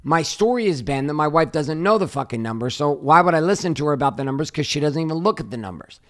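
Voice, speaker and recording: A man's voice: a little high, lively intonation, quick pace. A man hosting a podcast with his wife, talking bluntly, teasing her and swearing freely. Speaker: podcast host, husband. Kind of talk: candid married-couple podcast chat.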